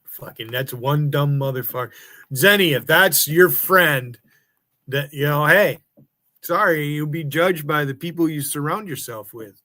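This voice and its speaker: On the high side and sharp in tone, this live streamer's voice moves at a normal speed as he angrily rants. He taunts rival streamers and chatters, cursing profanely throughout.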